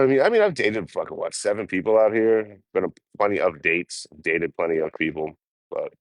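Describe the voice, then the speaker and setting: A man's voice: low voice, no room sound. A man chatting casually with his livestream viewers, rambling and swearing as he talks about life on the road. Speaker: livestreaming traveler.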